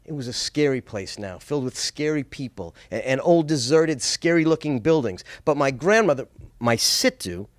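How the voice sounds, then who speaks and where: A middle-aged man from Boston telling a personal story on stage, expressive with small stammers. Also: medium pitch, moderate pace, no room sound, studio quality.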